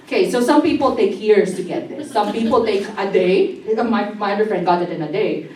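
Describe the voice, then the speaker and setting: A woman from the Philippines whose first language is Tagalog, doing a brash, profane, animated stand-up comedy set on a club stage. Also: mid-range voice, fairly quick. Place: comedy club stage before a live audience. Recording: echoey room, distant mic, faint background noise.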